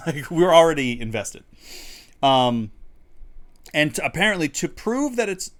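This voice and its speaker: A man's voice: on the high side, very animated, unhurried, a bit bright. A man co-hosting a livestreamed talk show, chatting casually with lots of fillers and frequent laughter. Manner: rambling, laughs often, many fillers. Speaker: podcast co-host. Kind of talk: casual chat. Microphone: studio mic on a livestream.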